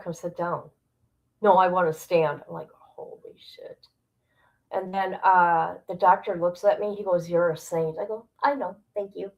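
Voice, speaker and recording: A woman's voice: on the low side, poor audio. Casting: woman livestreamer, blunt and profane, talks straight to her viewers and laughs as she vents. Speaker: streamer. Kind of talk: casual livestream chat.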